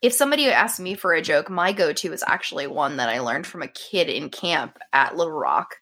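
Giggly bright-voiced woman co-host. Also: deep voice, fairly quick. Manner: giggly, animated storyteller. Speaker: podcast co-host. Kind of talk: casual chat.

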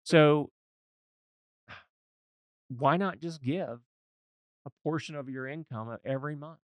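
Man, financial advisor hosting a podcast, folksy and earnest, smooth resonant voice, dry close sound. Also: fairly high pitch, slow, dry recording. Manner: earnest, folksy, emphatic advice-giving. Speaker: financial advisor and show host. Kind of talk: conversational podcast discussion.

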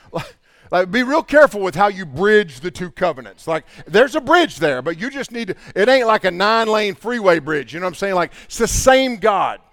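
A man's voice: high-pitched, moderate pace, dry recording. A man preaching a conversational sermon, acting out everyday dialogues to make his point. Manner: animated storytelling, mimics people in dialogue. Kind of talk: conversational sermon with acted-out anecdotes.

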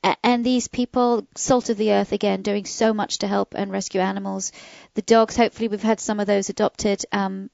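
Gravelly-voiced woman, bright and enthusiastic. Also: mid-range voice, level tone, normal speed, hardly any pauses, dry recording, highs cut off. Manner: warm, enthusiastic, self-deprecating humor. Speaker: co-host and pet expert. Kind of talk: casual chat.

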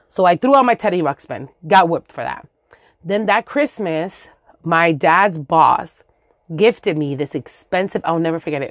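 A woman's voice: on the low side, no room sound, clean studio sound. A woman in her forties from the Dominican Republic, telling a comic story with swearing, sound effects and Spanish words mixed in.

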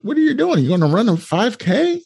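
A man voicing a surprised running-shoe store clerk, asking incredulous questions in a high voice. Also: very animated, brisk, gravelly, a little mellow, breathy edge, full character voice.

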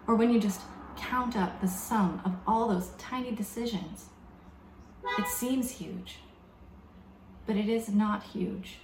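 A woman preaching a sermon in a reflective, measured way, slowing down to stress key words. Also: medium pitch, noisy background. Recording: echoey room with faint background ambience.

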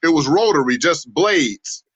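A middle-aged man from St. Louis telling animated family stories in a casual roundtable, acting out voices as he goes. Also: unhurried, breathy edge, no echo. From St. Louis, USA. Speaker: roundtable participant. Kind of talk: casual storytelling among family. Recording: dull low-fidelity dry sound.

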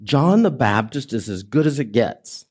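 A man preaching a sermon as pastor, conversational and emphatic, swinging between raised and hushed delivery and drawing the congregation in with questions. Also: mid-range voice, sing-song, a little slow, breathy edge. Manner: conversational preaching with audience prompts.

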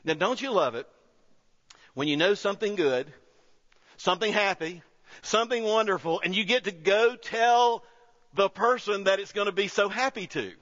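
A man's voice: high-pitched, moderate pace, a bit bright. A man, preaching a sermon to his church in a conversational style that rises into emphatic peaks. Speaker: pastor. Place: church sanctuary. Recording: dull sound with long hall reverb.

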